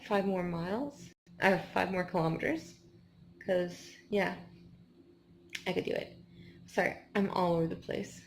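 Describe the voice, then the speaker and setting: A woman's voice: lowish voice, fairly even intonation, measured pace, long pauses, a little hiss or hum. A woman in her twenties chatting casually in a vlog after a race, tired and rambling with lots of "like" and restarts. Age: 20s. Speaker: vlogger.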